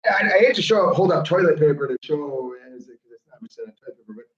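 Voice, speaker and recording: Brief: high-pitched male host, chatty and animated, roomy lo-fi sound. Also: quick pace. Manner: chatty, animated, laughs often. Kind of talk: casual chat.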